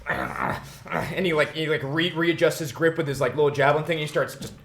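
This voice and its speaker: A man's voice: fairly high pitch, very animated, a little fast, fairly bright tone, a little hiss or hum. A young man narrating as game master in a tabletop game he streams, rambling along with many fillers and breaking into laughs. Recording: roomy echo.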